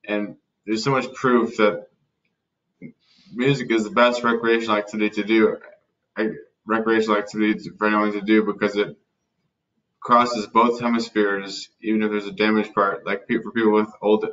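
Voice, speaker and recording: A young man answering interview questions, halting and restarting mid-sentence. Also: on the low side, level tone, fairly bright tone. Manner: halting, with restarts and broken-off words. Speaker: interview guest. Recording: distant, dull lo-fi recording.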